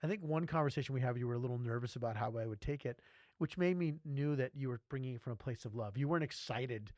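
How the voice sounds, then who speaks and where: A man hosting a casual church podcast discussion, animated and self-deprecating as he tells stories. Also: medium pitch, quick pace, dry recording. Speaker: podcast host.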